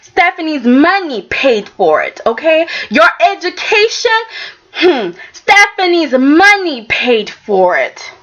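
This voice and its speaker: Fired up woman ranting about her soap, bright sharp voice, keeps going "okay?". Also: high-pitched, very animated, takes it slowly. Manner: emphatic, exasperated, keeps asking "okay?". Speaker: soap opera reviewer. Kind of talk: casual opinionated review. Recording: dull lo-fi sound.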